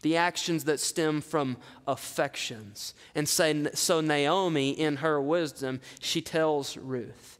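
Animated preaching man, echoing hall. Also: a little high, slow, few pauses. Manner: animated preaching with rhetorical questions. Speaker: pastor. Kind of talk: sermon. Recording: long reverb from a large hall.

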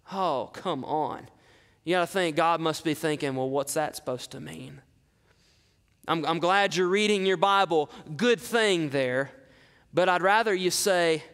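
Animated preaching man, echoing hall. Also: high-pitched, smooth. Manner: animated preaching with rhetorical questions. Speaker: pastor. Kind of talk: sermon. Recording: long reverb from a large hall.

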